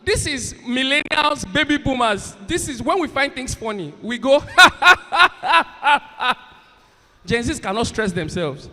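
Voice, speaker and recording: Heard through a PA with long reverb from a large university event hall, a male comedian and MC hosts the stage, joking at the audience's expense and firing up the crowd. He speaks at a normal speed with few pauses, his very high voice animated and sharp-toned.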